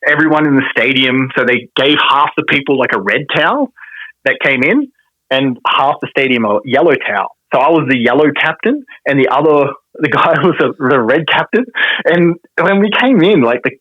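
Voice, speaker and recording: A man's voice: mid-range voice, expressive, normal speed, no echo, dull audio. An Australian man, a pro wrestler on a podcast, telling a story casually, laughing often and swearing mildly.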